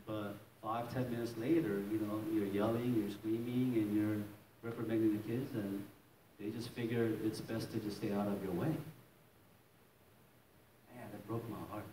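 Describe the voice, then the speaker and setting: A man's voice: fairly low pitch, steady tone, normal speed, mellow, slight background noise. A middle-aged man, a pastor, telling a personal story in a sermon. He chuckles often and acts out the voices of the people in it. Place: church hall. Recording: echoey hall from a distance.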